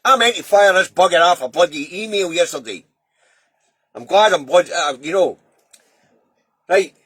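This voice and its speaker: A Scottish man delivers a heated, sweary rant, his fairly high voice swooping up and down with every jab. The tone is bright and edgy but husky around the edges. The sound is close and dry. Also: expressive, moderate pace, dry recording. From Scotland. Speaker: political video commentator. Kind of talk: angry ranting monologue.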